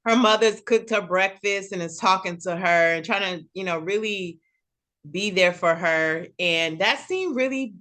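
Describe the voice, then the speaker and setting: A woman hosting a casual recap chat, telling the story with lively acted-out quotes. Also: medium pitch, a little slow. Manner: animated storytelling, acts out characters' lines. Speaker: show recap host.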